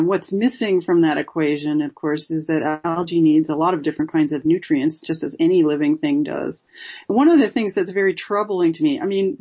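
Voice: medium pitch, warm tone, breathy edge. An interview guest, a former zoologist, explaining at length with many fillers. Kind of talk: interview conversation. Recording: dull lo-fi recording.

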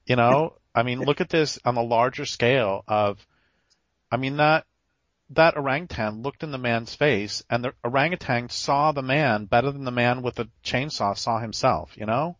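A man's voice: medium pitch, moderate pace, fairly bright tone, no room sound. Rambling male host, hesitant, dull lo-fi sound, dead dry room. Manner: rambling, hesitant, sarcastic at times. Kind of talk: casual conversation.

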